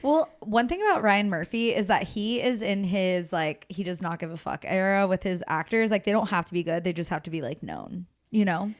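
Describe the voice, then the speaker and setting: A woman's voice: medium pitch, animated, fairly quick, hardly any pauses. A young woman co-hosting a podcast, telling stories in a gossipy, casual way and swearing freely. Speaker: podcast co-host. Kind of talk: casual chat.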